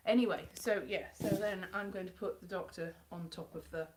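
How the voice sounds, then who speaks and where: A woman's voice: medium pitch, expressive, normal speed, few pauses. A woman chatting casually and rambling on a home live stream, breaking into playful voices to mimic characters. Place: indoors at home.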